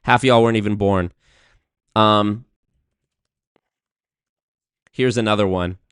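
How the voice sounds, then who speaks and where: A man doing casual, joking live-stream commentary, profane and swinging between loud rants and muttered asides. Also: lowish voice, steady tone, slow pace, smooth, no room sound, clean studio sound. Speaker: streamer reacting to clips.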